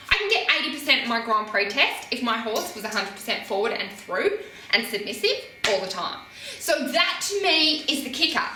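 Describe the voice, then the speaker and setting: Lively, bright-voiced woman coach. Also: high-pitched, a little hiss or hum. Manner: animated, laughing, acts out riders' thoughts. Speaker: riding coach. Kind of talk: casual coaching talk. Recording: echoey, from a distance from the mic.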